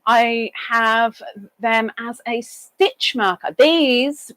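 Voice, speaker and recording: A chatty woman hosts a relaxed live stream, reading out viewer comments and greeting each arrival in a sing-song lilt. Her voice sits fairly high and unhurried, and the sound is close and dry with no room around it. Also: dry recording, poor audio. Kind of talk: casual live stream chat.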